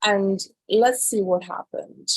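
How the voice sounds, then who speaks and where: Female host, husky and unhurried, dry close sound, chatty and incredulous news commentary. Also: medium pitch, a little mellow, no room sound, poor audio. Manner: chatty, incredulous, reads headlines aloud. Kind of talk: casual news commentary livestream.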